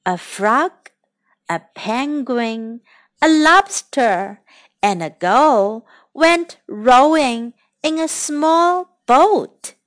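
Woman storyteller for kids, high, lively voice, slow and clear reading. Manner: expressive, slow and clear for children. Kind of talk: bilingual children's story reading.

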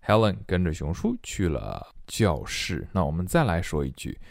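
A Chinese-accented man leads a bilingual English reading lesson in a low, lively voice that swoops up and down. He explains playfully, and the sound is close and dry. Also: vocal fry, no room sound. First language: Mandarin. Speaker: English teacher.

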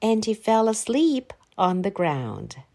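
A woman from China reading a children's picture book aloud in a slow, clearly paced, very animated way. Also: mid-range voice. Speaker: storyteller. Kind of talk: children's storybook read-aloud.

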